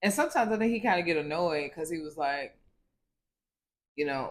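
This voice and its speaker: A woman's voice: low voice, lively intonation, moderate pace, long pauses. A woman co-hosting a casual marriage chat, earnest and reflective, with lots of "you know" fillers. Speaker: podcast co-host.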